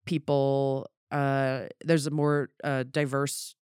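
A man, a comedian, talking in a casual podcast chat, rambling and animated and swearing offhandedly. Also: mid-range voice, takes it slowly, smooth, no echo, clean studio sound. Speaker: comedian guest.

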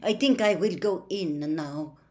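A woman's voice: fairly low pitch, a little slow, darkish tone, lightly acted. A woman voicing a proud, easily insulted French giantess headmistress who speaks coldly and then shrieks in outrage. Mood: icy.

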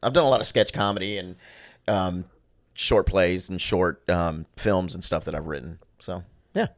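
A man chatting as a guest on a podcast, telling stories in a relaxed way with plenty of fillers. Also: low-pitched, normal speed. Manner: relaxed storyteller, loose with fillers. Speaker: podcast guest, comedy writer. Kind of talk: casual podcast chat.

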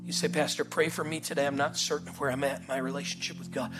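A male pastor, preaching a lively sermon in a church auditorium and acting out the story in voices. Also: medium pitch, fast, over music. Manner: animated, acts out the story in voices, calls "come on".

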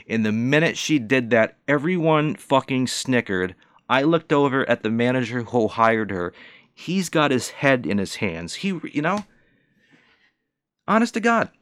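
A man's voice: mid-range voice, expressive, moderate pace, a bit bright, clean tone, dry recording. A man in his forties, a bartender, ranting in a profane, indignant and mocking way. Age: 40s. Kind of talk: ranting monologue.

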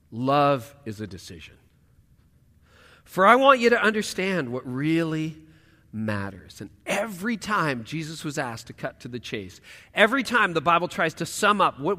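A pastor preaching a sermon, swinging between loud emphatic lines and hushed quiet asides, in a church auditorium. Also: male voice, sits high, long reverb tail.

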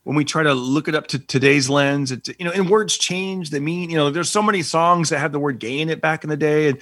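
A man's voice: a little high, brisk, fairly bright tone, no echo, clean studio sound. A married man co-hosting a casual chat, easygoing and laughing often.

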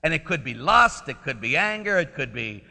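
A man preaching a sermon in a lively, swooping voice. He is conversational and emphatic, with a bright, forceful tone. His voice rings with a long church reverb. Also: fairly high pitch, moderate pace, vocal fry.

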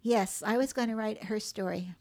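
A woman author from Hawaii telling lively stories about her mother in a casual interview, acting out the voices of the people in them. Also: mid-range voice, normal speed. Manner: animated storyteller acting out quoted voices. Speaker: memoir author, guest.

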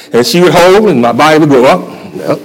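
Lively, expressive preacher man. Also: fairly high pitch, moderate pace, poor audio. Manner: folksy storytelling, chuckling often. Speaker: church elder preaching. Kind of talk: sermon testimony. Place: church convocation.

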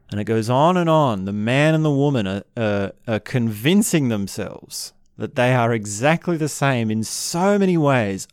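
A man calmly teaching about relationships in an unhurried, reflective way, sometimes acting out what couples say. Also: mid-range voice, clean tone, no room sound, clean studio sound. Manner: calm, unhurried, acts out quoted couples.

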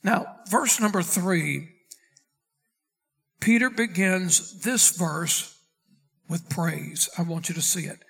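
High-voiced pastor preaching a sermon. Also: male voice, creaky, a bit bright, breathy edge. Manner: preaching, reading scripture aloud slowly; calls out to the congregation. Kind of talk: expository Bible sermon.

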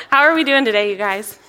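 A young woman, a children's ministry director, preaching a sermon in a church, chatty and lively, often laughing as she tells a story. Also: a little high. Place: church sanctuary. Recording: long reverb of a large hall.

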